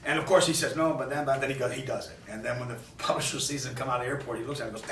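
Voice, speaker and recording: A man, a film director from New York, telling a rambling, animated story in an interview at a film festival, with many restarts. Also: medium pitch, rapid-fire, hardly any pauses, noisy background. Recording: echoey, distant mic with faint ambience.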